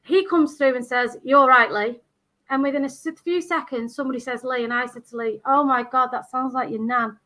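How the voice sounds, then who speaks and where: A Scottish woman guest telling a story in an animated, casual way. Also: sits high, a little fast, few pauses. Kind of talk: casual chat.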